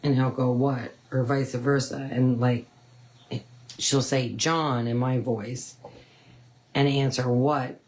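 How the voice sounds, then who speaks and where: A woman's voice: a bass voice, little pitch movement, slow, long pauses, darkish tone, low-quality recording. A woman hosting a painting tutorial, chatting casually and rambling with frequent ums. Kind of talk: casual chat while painting.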